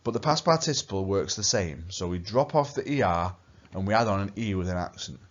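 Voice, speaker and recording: A man's voice: low voice, animated, a little fast. A man teaching a recorded language lesson, patient and repeating key points for emphasis. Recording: dull lo-fi recording.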